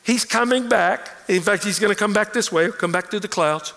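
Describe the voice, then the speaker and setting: A man preaching a sermon as pastor, animated and acting out quoted voices. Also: high voice, a little fast. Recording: long hall reverb.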